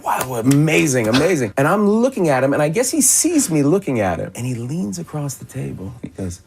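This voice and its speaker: A man's voice: a little high, sing-song, a little fast, gravelly, a little mellow, slightly rough. A man telling an amused anecdote from a film set in an interview clip. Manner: amused, laughing storytelling.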